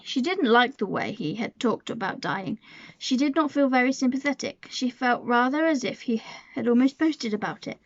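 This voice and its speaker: A woman narrating a storybook aloud in a gentle, measured way. Her voice sits slightly high and carries a gravelly grain. The sound is dry and dull, like a lo-fi home recording. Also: animated, dry recording. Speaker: storybook reader. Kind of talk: storybook reading.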